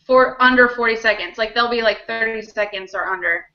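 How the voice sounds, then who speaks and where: Giggly high-voiced young-sounding woman. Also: fairly quick, highs cut off. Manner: giggly, self-deprecating. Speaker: guest. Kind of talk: casual live video chat. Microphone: video call.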